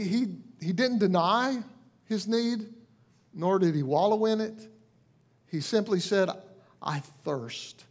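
Guy pastor preaching casual, pretty high voice, earnest and gentle, restarts a lot. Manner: earnest, gentle, with frequent restarts and soft quoted lines. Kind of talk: conversational sermon.

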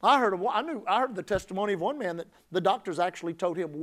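A male pastor preaching a sermon emphatically, building up to shouted climaxes. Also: high-pitched, lively intonation, fast talker.

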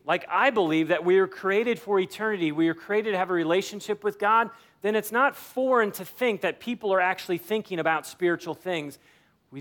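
This sermon comes from a man, a pastor, whose voice is high and fairly bright. He preaches conversationally, performing bits of ordinary dialogue as he drives each point home.

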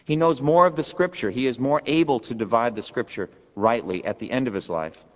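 A man's voice: medium pitch, a little fast. A man preaching a sermon as pastor, earnest and emphatic, asking his listeners rhetorical questions. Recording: long hall reverb.

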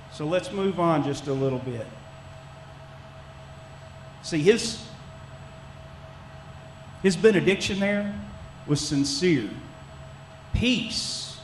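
A middle-aged man, preaching a sermon as a church elder in a conversational, folksy way with frequent restarts. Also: high voice. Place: church sanctuary. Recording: echoey church room, faint background noise.

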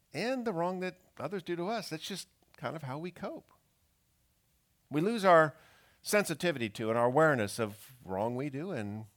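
A male pastor delivering a sermon. His voice rises and falls in a lively way as he reads scripture and dramatizes its cries for justice. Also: a little high. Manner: expressive preaching, acting out pleading questions.

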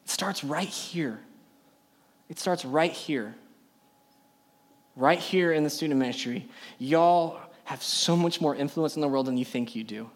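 Man preaching, slightly high voice, emphatic, young adult youth pastor. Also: moderate pace. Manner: emphatic preaching with rhetorical questions to the audience. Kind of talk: sermon.

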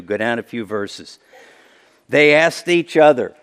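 A man preaching a sermon in a conversational way, with sudden emphatic rises and quiet drops. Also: mid-range voice, animated, takes it slowly, smooth, big-room sound. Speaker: pastor.

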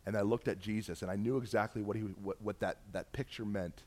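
A middle-aged man from Canada, telling a personal testimony as a story and acting out the dialogue with jumps in pitch and loudness. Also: brisk, few pauses. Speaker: speaker sharing a personal testimony.

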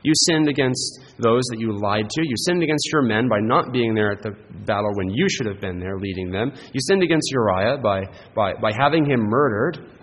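A man's voice: lowish voice, moderate pace, long reverb tail, poor audio. A man preaching a sermon as pastor, earnest and emphatic, often checking in with the congregation with a rhetorical "right?".

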